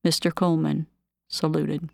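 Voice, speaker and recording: A woman calmly reading her own memoir of work as a nurse, with measured, even storytelling. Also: sits low, gravelly, no echo, studio quality.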